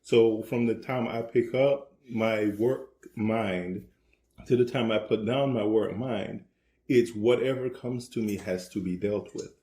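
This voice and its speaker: A man co-hosting a ministry podcast, chatting with his wife over breakfast in a measured, explanatory way. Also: fairly low pitch, dark tone, slight background noise. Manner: measured, explanatory, leans into quoted dialogue. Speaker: podcast co-host, husband. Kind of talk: casual chat. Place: home, at the breakfast table. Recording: roomy echo.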